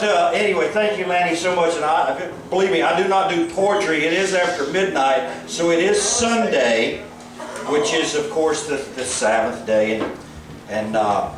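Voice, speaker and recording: A high-voiced man with a Southern accent rambles through profane jokes from a stage. He is picked up from a distance in a very echoey hall. A crowd can be heard around him. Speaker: guest speaker at a fan event. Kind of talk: crude comedic stage talk. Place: event hall stage with audience.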